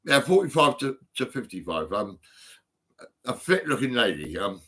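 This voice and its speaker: A man talks into his phone, rambling and restarting between ums. His voice is bright and forward, and he chuckles at his own stories as he goes. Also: medium pitch, sing-song, normal speed, slightly rough. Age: 50s. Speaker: vlogger. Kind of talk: rambling personal monologue.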